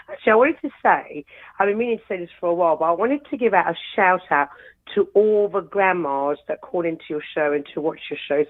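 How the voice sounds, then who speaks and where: A woman with a British accent calling into a show, chatty and friendly, speaking through a sore throat. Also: fairly low pitch. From United Kingdom. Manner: chatty, friendly, laughing often. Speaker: caller. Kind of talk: phone call-in chat. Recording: tinny phone line.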